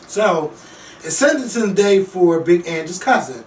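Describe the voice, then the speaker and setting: A man hosting a casual talk show, ranting bluntly and profanely about reality TV, with lively swings in loudness. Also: high voice, a little slow. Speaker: podcast host. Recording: echoey room, mic at a distance.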